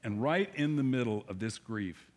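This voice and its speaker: Male pastor, mid-range voice, lively sermon delivery full of direct questions to the room, long hall reverb. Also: mid-range voice, normal speed. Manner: animated, talks straight to the congregation with rhetorical questions. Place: church sanctuary.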